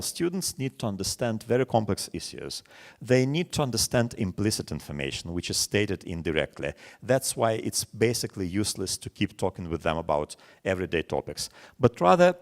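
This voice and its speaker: Russian-accented guy in his 40s, low voice but really animated, teacher-trainer webinar talk with lots of little stories. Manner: storytelling with many examples, animated quoting. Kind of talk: webinar lecture.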